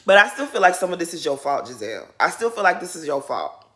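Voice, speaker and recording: A woman's voice: on the low side, fast talker. Sassy woman ranting about reality TV. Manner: sassy, shady, animated ranting. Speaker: reality TV commentator. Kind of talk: casual reaction commentary.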